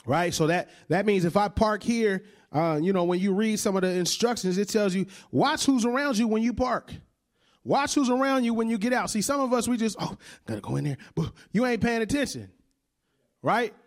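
Guy preaching, pretty high voice, chatty sermon, keeps saying right? and laughing. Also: moderate pace. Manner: conversational preaching with frequent "right?" asides and laughter.

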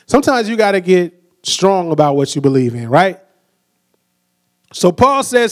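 A man's voice: high voice, expressive, moderate pace. A young man preaching a sermon with energy, acting out quoted voices and asking the crowd to say words back.

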